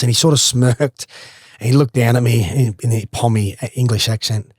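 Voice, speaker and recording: Telling a swimming story in a casual, lively way, a man with an Australian accent and a football past laughs throughout and swears without restraint. He speaks a little fast in a mid-range voice, captured in a dry recording.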